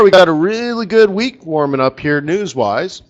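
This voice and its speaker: A man hosting a live trading session, chatty and excitable, breaking into lively exclamations. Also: sits high, moderate pace. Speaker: market strategist host. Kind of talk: live trading webinar commentary.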